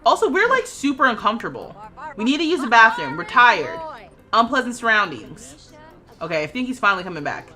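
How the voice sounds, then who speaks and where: Woman, 30s, game streamer; dramatic exasperated commentary, lively high voice. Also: brisk, soft background music. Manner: exasperated, dramatic rants with loud outbursts and laughter. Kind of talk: livestream gameplay commentary.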